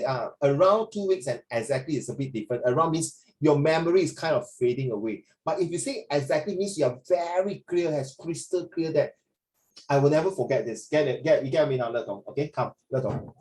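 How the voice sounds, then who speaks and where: A man's voice: on the high side, fairly quick, a little mellow. Chatty Singaporean-accented male tutor. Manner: chatty, switches into Mandarin. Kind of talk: online class feedback. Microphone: video call. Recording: echoey room.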